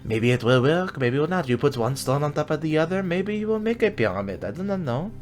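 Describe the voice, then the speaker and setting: A man putting on a silly, halting accented voice for an ancient Egyptian pyramid builder who is unsure of himself. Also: on the high side, big pitch swings, voice pushed up. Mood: doubtful. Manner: halting, shrugging, heavily accented put-on.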